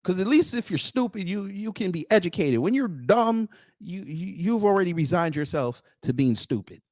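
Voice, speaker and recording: A man's voice: sits high, very animated, moderate pace, a little mellow, dry recording, studio quality. A man hosting a reaction commentary, scolding and slangy in his delivery. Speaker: commentary channel host.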